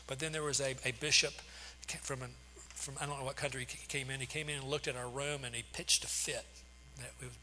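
A man's voice: mid-range voice, pushed and bright. Preacher man in a reverberant hall. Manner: storytelling with frequent restarts and fillers. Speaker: pastor. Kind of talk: sermon. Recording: long hall reverb, faint hum.

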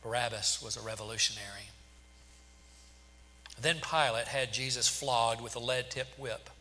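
Bright-toned man reading scripture. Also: medium pitch, moderate pace, slight background noise. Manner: steady narration with small stumbles. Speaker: scripture reader. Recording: long hall reverb.

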